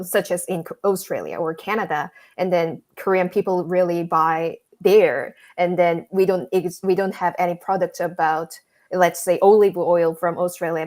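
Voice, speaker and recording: Woman interviewer, slightly low voice, halting phrasing, soft trailing endings, casual business chat. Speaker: host.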